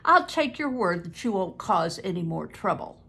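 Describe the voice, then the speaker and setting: An older woman voicing a harsh Gestapo chief interrogator in a storybook reading, slow and emphatic. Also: high-pitched, big pitch swings, gravelly, bright, forceful tone, slightly rough, full character voice. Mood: falsely kindly. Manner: barking, slow emphatic words.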